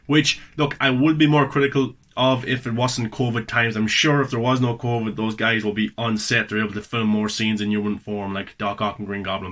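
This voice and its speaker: Bright-voiced enthusiastic male movie reviewer. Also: mid-range voice. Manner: enthusiastic, repeats words for emphasis. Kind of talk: casual spoken movie review.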